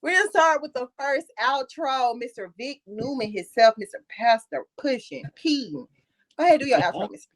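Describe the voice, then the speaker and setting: Woman host for a loose live-stream chat; slightly high voice, rambling delivery packed with fillers. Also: animated, normal speed. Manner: rambling, filler-heavy talk.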